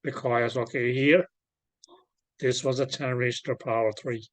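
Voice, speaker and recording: A man's voice: medium pitch, steady tone, measured pace, no echo. A man teaching an online class, patiently checking that students follow and often correcting himself. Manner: patient, checks understanding, frequent self-corrections. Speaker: lecturer. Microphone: video call.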